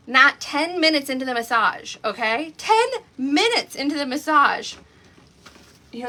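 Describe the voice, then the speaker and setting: A woman with a high, bright voice hosts a craft livestream, chatting straight to her viewers. She tells stories in a lively, talkative way and laughs easily as she goes. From Oklahoma, USA. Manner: chatty storyteller, laughing often, addressing viewers directly. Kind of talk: casual chat on a livestream.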